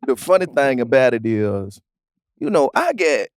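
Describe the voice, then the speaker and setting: A man doing an impression of a smooth-talking, pompous man who piles up long fancy words. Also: medium pitch, very animated, measured pace, no echo, studio quality, voice pushed down. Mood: grandiloquent.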